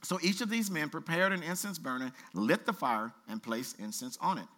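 A man pastor preaching a sermon, reading scripture aloud with colloquial asides and lively exhortation. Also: medium pitch. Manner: animated preaching, reads scripture aloud with asides and playful voices.

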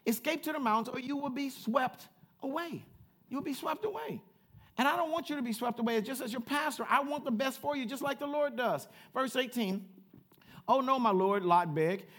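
Man, pastor, high voice, animated sermon, shouted repetition, chatty asides. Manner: chatty with the congregation, laughs at himself. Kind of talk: preaching a sermon. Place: church.

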